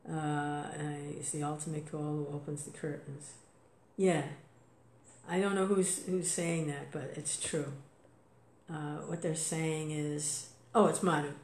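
A woman's voice: deep voice, fairly even intonation, a little slow, a little mellow. An older woman in a casual spiritual talk, emotional and exclaiming, laughing often. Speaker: devotee sharing reflections. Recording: roomy with faint background noise.

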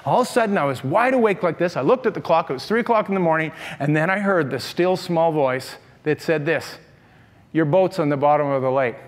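High-voiced older pastor in a reverberant hall. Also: male voice, a little fast, hardly any pauses. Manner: animated storytelling, questions to the congregation. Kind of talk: sermon. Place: large church sanctuary. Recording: long reverb of a large hall.

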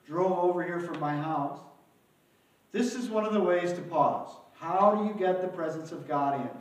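A male pastor preaching a sermon in a church, with dramatic swings between loud outbursts and hushed emphasis. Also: high-pitched, far from the mic. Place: church, alone without live audience. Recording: very echoey room, voice from afar.

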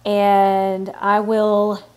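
Slow-talking woman explaining step by step. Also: mid-range voice. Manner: relaxed step-by-step explaining with thinking-aloud fillers. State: has the hiccups. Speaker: tutorial host. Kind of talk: screen-recorded software tutorial.

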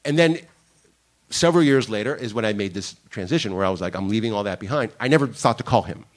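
A man's voice: fairly low pitch, rapid-fire. A man from Miami, a director, telling stories from his career on a conference panel and acting out the lines of people he quotes. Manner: animated storyteller, acts out quoted lines. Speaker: guest director. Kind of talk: panel conversation, storytelling. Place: conference room.

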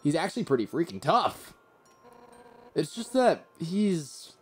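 A streamer voicing a brash, hot-headed female warrior who leads a royal guard, reading video game dialogue aloud. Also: mid-range voice. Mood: frank. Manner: brash, loud and teasing.

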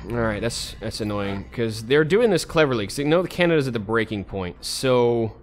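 A man's voice: mid-range voice, expressive, moderate pace, soft background music. A man recording casual gameplay commentary as a let's play host, talking to himself and breaking into frustrated outbursts. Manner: talks to himself, swings into sudden frustrated outbursts.

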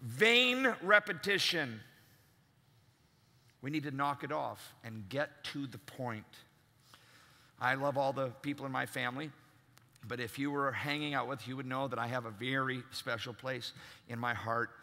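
A man's voice: medium pitch, measured pace, long pauses, bright, forceful tone. A man preaching a sermon as pastor, emphatic and acting out the voices he quotes. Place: large church. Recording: long reverb in a large church.

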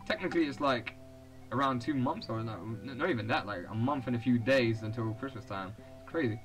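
A man's voice: medium pitch, expressive, brisk, soft background music, rough recording. A young man giving casual, profane commentary over a video game, reading its text aloud and laughing often. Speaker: let's play host.

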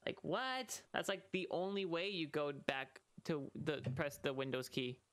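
A young adult streamer talks casually over a ghost-hunting game, joking and trash-talking the whole way through. The voice sits at an ordinary middle pitch and jumps up in sharp yelps whenever something startles them. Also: expressive, measured pace. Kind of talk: casual gaming stream commentary.

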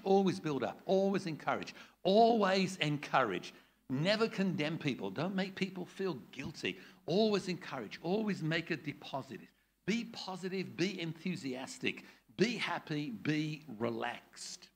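A man's voice: on the high side, very animated, moderate pace. An older man running a preaching workshop, blunt and jokey, acting out different tones of voice as he teaches. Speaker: preaching trainer.

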